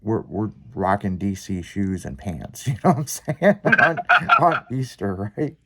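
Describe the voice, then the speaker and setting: A man hosting a podcast, telling a long story in casual, profanity-laced chat with lively, rambling delivery. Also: lowish voice, a little slow. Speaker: podcast host.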